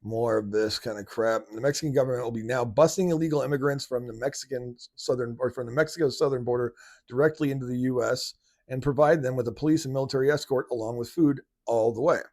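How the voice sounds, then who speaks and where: Husky man rambling through commentary. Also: medium pitch, steady tone, fast, darkish tone. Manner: rambling, many restarts and fillers. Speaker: commentary channel host. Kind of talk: casual political commentary.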